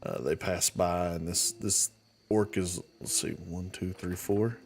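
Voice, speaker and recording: A man's voice: low voice, steady tone, a little slow, gravelly, slight background noise. A man narrating combat and scenes as game master of a tabletop game.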